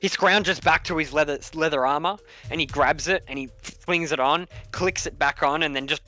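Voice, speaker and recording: A man's voice: on the high side, bright, forceful tone, faint music behind. A man running a tabletop game as dungeon master, narrating in a rambling way with many restarts. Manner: rambling, many restarts, puts on quick voices for townsfolk.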